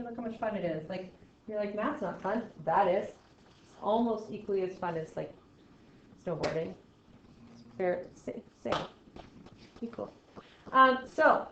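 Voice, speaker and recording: A woman math teacher giving a classroom lesson to students, talking in a chatty, playful way with jokey asides and swings from loud to quiet. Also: on the high side, slight background noise. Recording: echoey classroom, dull lo-fi sound.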